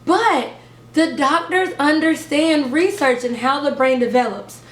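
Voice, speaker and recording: A young woman, a preschool teacher, giving an upbeat lesson to parents in a slow, carefully over-enunciated way. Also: high voice, echoey room. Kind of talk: instructional talk to camera.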